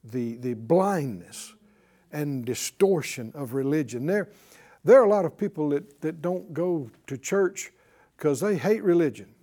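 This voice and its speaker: A Bible teacher giving a broadcast lesson in an animated, conversational way, asking the audience questions and chuckling while teaching. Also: medium pitch, unhurried.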